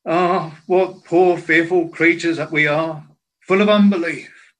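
A man preaching a sermon in a slow, earnest way, quoting scripture in old biblical language. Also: fairly high pitch, steady tone, fairly bright tone, rough recording.

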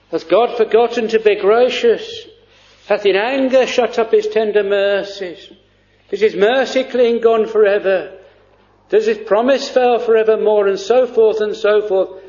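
Preacher guy, earnest and halting, takes his time, muffled old tape sound. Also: high voice, a little mellow. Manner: slow, earnest, with frequent hesitations. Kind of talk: sermon. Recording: dull lo-fi recording.

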